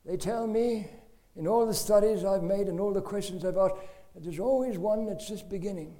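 A man's voice: high voice, normal speed, dark tone, pitched above the performer's own voice, lightly acted. A man voicing his father, a zealous preacher who pleads and warns with fervent intensity. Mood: fervent preaching.

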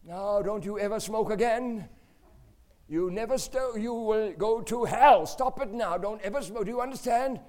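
A man voicing a shrieking small boy who scolds a smoker with a shrill, piercing voice. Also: animated, measured pace, few pauses, mellow, slightly rough.

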